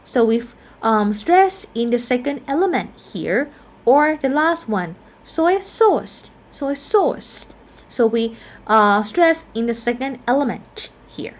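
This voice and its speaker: Slow, careful woman teaching pronunciation. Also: a little high, expressive. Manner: slow and careful, repeats each example word. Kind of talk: explaining a phonetics lesson.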